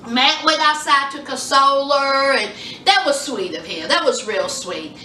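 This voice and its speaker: A woman's voice: high-pitched, lively intonation, a little slow, sharp tone, slight background noise. A woman chatting sassily to her viewers as she recaps a reality show, calling them y'all and honey. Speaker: reality TV reviewer. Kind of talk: casual recap chat. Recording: echoey room, voice a bit far from mic.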